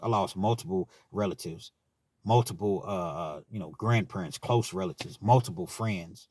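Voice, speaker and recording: With a lowish, animated voice that's brisk, a little mellow and edged with breathiness, this US man from Richmond, Kentucky recounts prison stories. His style is laid-back and candid, with "man" often closing his lines, in a casual monologue.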